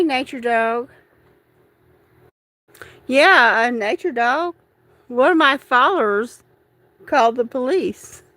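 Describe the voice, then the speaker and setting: High-voiced, tearful woman livestreaming from home. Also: fairly bright tone, no echo. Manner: rambling, breaking into shaky laughs and crying. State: upset and tearful. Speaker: livestream host. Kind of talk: live-streamed chat to followers.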